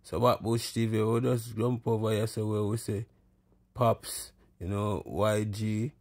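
Jamaican guy hosting a street show, low voice, rambly patois chat to the channel. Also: level tone, unhurried, a little mellow. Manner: rambling, addresses the channel directly. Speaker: online show host. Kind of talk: casual street commentary in patois.

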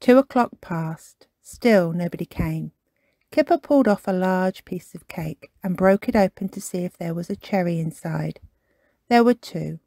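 A woman's voice: fairly low pitch, expressive, unhurried, gravelly, dark tone, no room sound. Woman reading a children's story expressively. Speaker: storytime reader.

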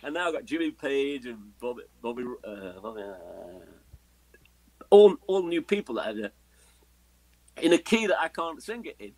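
An Englishman in his seventies, husky and expressive, his pitch rising and falling freely as he tells stories. He is a guest musician in an interview, acting out sounds and other people's voices as he goes. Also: moderate pace, no echo, rough recording. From England. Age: 70s. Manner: animated, mimics voices and sounds while telling stories. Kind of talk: anecdotal storytelling in an interview.

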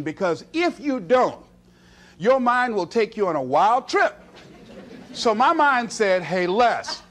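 A man giving a motivational speech, telling stories and acting out his own self-talk. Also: high-pitched. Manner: storytelling, animated, acts out self-talk. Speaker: motivational speaker.

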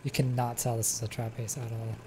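A woman giving live gameplay commentary as a streamer, excitable, swearing and laughing often. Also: a bass voice, a little fast, slight background noise. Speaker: gaming streamer.

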